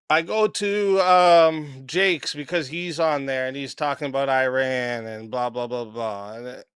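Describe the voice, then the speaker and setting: A man streaming, his voice worn hoarse from yelling, ranting in a blunt, profane, confrontational way. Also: a little high, no room sound, clean studio sound. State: hoarse, voice nearly lost. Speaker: streamer and host. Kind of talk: ranting livestream talk. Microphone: desk mic, no headphones.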